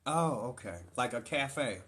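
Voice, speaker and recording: A man's voice: mid-range voice, animated, unhurried, a bit bright. A man hosting a casual live stream, a father who talks in a playful, teasing way and turns to his viewers as "y'all".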